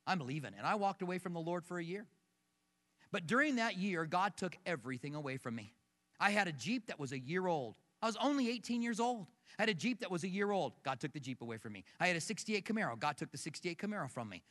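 A man's voice: high-pitched, quick pace. A middle-aged man preaching a sermon, telling personal stories and quizzing the congregation in a large church auditorium with balconies. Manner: animated storyteller who questions the congregation. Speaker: pastor. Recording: echoey hall from a distance.

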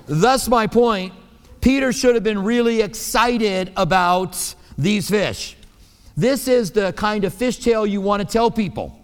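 A man's voice: high voice, unhurried, clean tone, long reverb tail. A man preaching a sermon as pastor, telling stories in a conversational way and acting out voices.

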